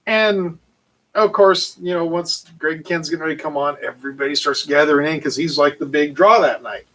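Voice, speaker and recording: Man, high voice, casual storyteller, animated, rambling, lots of fillers. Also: a little fast, poor audio. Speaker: channel host.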